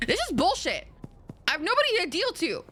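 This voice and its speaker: A woman's voice: very high-pitched, wildly swooping pitch, brisk, a bit bright, slight background noise. A young woman streaming a game, chatting casually with a friend, joking crudely and swearing freely. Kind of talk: casual gameplay chat with a co-op partner.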